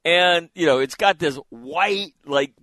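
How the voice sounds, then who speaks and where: A man's voice: on the high side, slow pace, no echo. Older man telling rowdy stories, dry sound. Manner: animated, laughing anecdotes with crude swearing. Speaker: host. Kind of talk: casual storytelling chat.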